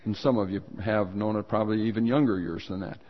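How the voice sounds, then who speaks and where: A man's voice: lowish voice, steady tone, quick pace. A man preaching a sermon as pastor, earnest and rising in emphasis when he reads scripture. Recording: dull sound with long hall reverb.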